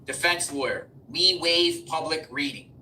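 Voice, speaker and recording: A man hosting a live news stream, reading courtroom updates aloud, halting and stumbling over words with excitable asides. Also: on the high side. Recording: distant mic with faint background noise.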